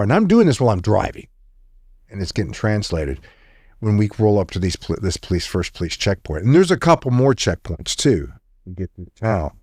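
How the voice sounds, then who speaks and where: A middle-aged man with a fairly low voice tells a story as a podcast guest. He is an animated storyteller who slips into the voices of the people he quotes. The sound is dry and close, with no room echo. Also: a little fast. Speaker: podcast guest, retired intelligence officer. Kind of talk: storytelling in conversation.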